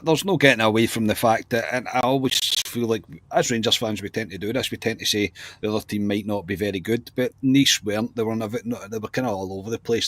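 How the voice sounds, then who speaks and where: A man chatting casually about football on a podcast, often calling the others mate. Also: on the low side. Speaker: podcast regular.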